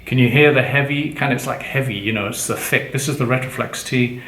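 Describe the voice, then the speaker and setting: A man teaching pronunciation, explaining slowly and patiently and prompting his partner for examples. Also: mid-range voice, a bit bright. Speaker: language teacher. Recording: echoey room with faint background noise.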